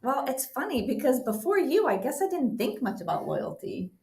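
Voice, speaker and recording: A woman co-hosting a podcast in casual chat, soft-spoken and a bit hesitant. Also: high voice, sing-song, normal speed. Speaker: podcast co-host. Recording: echoey room.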